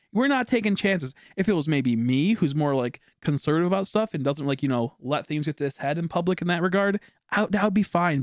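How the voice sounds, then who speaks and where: Male streamer, loose rambling talker with filler-heavy speech, voice sits a bit high, dry close recording. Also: no echo. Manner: rambling, heavy on filler words, swears freely. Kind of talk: casual chat with viewers.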